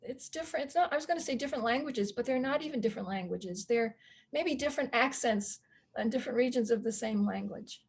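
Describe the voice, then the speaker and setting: Soft-laughing woman, reflective guest. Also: on the high side, quick pace, slightly rough. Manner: thoughtful, with soft laughs and many ums. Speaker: guest astrologer. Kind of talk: reflective interview talk.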